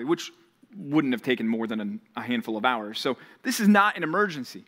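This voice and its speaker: A young adult man preaching as a pastor, conversational, growing animated when quoting scripture. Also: on the high side, fairly quick. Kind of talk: sermon. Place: church or ministry hall.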